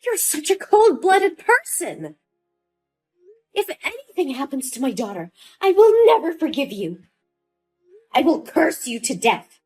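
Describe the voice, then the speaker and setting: A woman's voice: high voice, big pitch swings, unhurried, pauses often, a little mellow, soft background music. A woman voicing a young mother who pleads in distress over her missing daughter, in a dramatized story. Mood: distraught.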